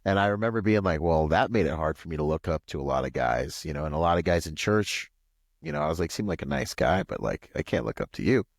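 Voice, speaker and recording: A man from Washington State, a podcast guest, telling a long personal story in a rambling, animated way full of "like" and "you know.". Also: fast talker, vocal fry, no room sound, studio quality. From Washington State, USA. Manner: acts out quoted voices with pitch jumps. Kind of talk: casual storytelling interview.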